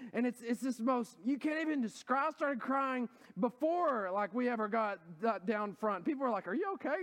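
A man preaching a sermon as pastor, telling stories with rising, animated emphasis. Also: high voice. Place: church hall.

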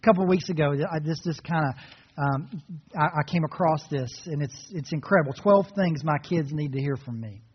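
A man preaching a sermon as a pastor, retelling a story in an earnest, storytelling manner and dropping to soft, reflective tones. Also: fairly high pitch, brisk, husky. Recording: reverberant hall, dull muffled sound.

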